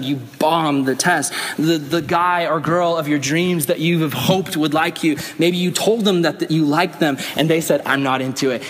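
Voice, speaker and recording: A young man preaching a youth sermon, telling stories and acting out voices in lively bursts. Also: on the high side. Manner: animated storytelling, acts out quoted voices. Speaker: youth pastor. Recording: hall with long reverb.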